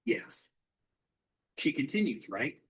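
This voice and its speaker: Guy running an english drill, kinda breathy husky voice, asks and repeats back. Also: on the high side, very animated, takes it slowly, low-quality recording. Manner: asks simple questions, repeats answers back. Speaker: English teacher. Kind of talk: question-and-answer drill teaching.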